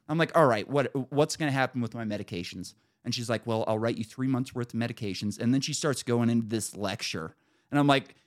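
A podcast host in casual chat, his voice sitting at an ordinary middle pitch. He retells a run-in with rising exasperation, acting out both sides and cursing freely. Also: fast talker. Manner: animated, exasperated retelling with profanity.

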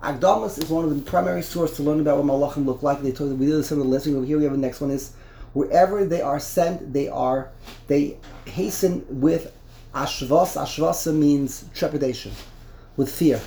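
A man's voice: on the high side, fairly quick, creaky, warm tone, roomy sound. A man teaching a Torah class, explaining a text line by line, often repeating and restarting words.

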